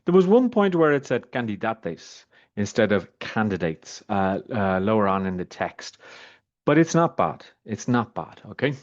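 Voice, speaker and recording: A man with a fairly low voice walks through a software demo in a loose, thinking-aloud way, pausing often on fillers and half-finished phrases. The audio is a little muffled and dull. It sounds like an unscripted screen-share review. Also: very animated.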